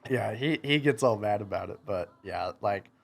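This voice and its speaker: Animated young man telling stories. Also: on the low side, normal speed, gravelly. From United States. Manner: animated, laughs while telling stories, acts out quotes. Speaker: podcast guest, motocross racer. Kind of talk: casual storytelling.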